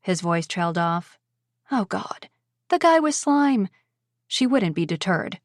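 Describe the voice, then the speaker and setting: A woman reading an audiobook novel in an even, measured way on a close mic. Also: medium pitch, dry recording. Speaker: audiobook narrator. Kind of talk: scripted narration.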